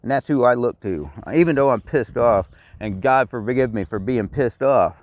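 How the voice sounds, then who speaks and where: A man's voice: medium pitch, normal speed, no echo. A middle-aged Texan man rants with blunt, profane repetition. His delivery is that of someone airing grievances alone to a camera. The sound is dry and somewhat dull, like a cheap recording. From Texas. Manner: blunt and profane, repeats himself. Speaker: vlogger. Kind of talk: angry personal rant.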